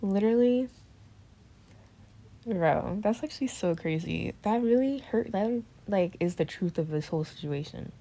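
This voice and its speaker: A woman's voice: mid-range voice, expressive, unhurried, gravelly, warm tone. A young woman, a student, talking in a casual confessional chat, rambling and nervous, full of fillers, slang and swearing. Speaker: student vlogger.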